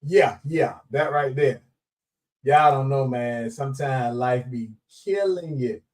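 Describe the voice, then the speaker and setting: A man with a mid-range voice hosts a live stream, chatting casually and playfully with viewers, greeting them by name and laughing often. He takes it slowly but stays animated, speaking in a playful Southern Black vernacular, and his voice sounds somewhat distant from the mic.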